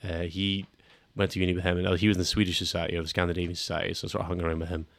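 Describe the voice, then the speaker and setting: Fast-talking gravelly Scottish man. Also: deep voice, flat delivery, a bit bright, no room sound. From Scotland. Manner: rambling, repeats words and restarts often. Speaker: radio host. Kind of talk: casual chat.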